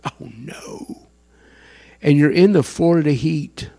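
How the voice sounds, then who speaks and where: A man preaching a sermon in an animated way, acting out the voices of fans and worshippers. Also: fairly high pitch, slow pace, gravelly. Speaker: pastor.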